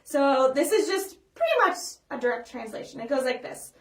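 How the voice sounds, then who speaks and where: High-voiced librarian woman in an echoey room. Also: big pitch swings. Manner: upbeat, chatty, with frequent ums and restarts; sings simple songs slowly for kids to follow. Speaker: children's librarian leading storytime. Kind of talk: children's storytime presentation. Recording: echoey room, voice a bit far from the mic.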